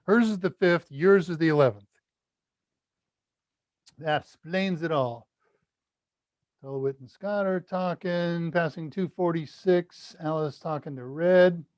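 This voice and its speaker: Speaking slowly with long pauses, this livestream Q&A host has a slightly high, darkish voice and no room sound around him. He's a man from the US, chatty and self-deprecating, reading out comments from viewers and cracking himself up.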